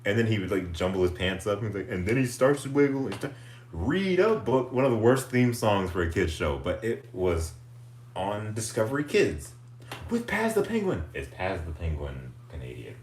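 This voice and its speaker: A man hosting a livestream in casual chat, goofy and animated, laughing often. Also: lowish voice, moderate pace, reverberant, a little hiss or hum. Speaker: livestream host.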